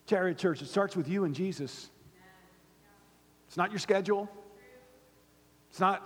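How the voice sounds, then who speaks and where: A pastor preaching a sermon to his church, swinging from fervent high calls to low, quiet points. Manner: impassioned, rising to near-shouts then dropping low. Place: church sanctuary. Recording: long hall reverb.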